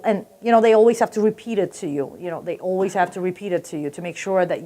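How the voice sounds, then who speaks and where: A woman's voice: mid-range voice, steady tone, fast, few pauses, mellow. A woman performing a stand-up comedy routine, telling a brash, profane story and jumping into character voices.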